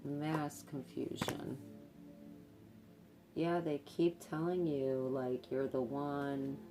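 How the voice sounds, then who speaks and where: A woman's voice: rumbling low, fairly even intonation, slow pace, over music. A woman giving a tarot reading, speaking hesitantly with many fillers and repeated words. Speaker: tarot card reader. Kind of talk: intuitive tarot reading to camera.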